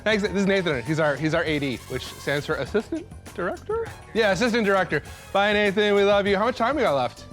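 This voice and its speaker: A young man hosting a cooking show, rambling and joking excitedly as he cooks and tastes in a studio kitchen. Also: high-pitched, fairly quick, few pauses, soft background music. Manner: hyped, rambling, joking, laughing between lines. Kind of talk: casual on-camera cooking chatter.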